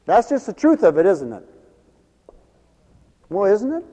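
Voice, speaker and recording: A man's voice: high voice, sing-song, measured pace, warm tone, big-room sound. A man preaching a folksy sermon, laughing often between his points.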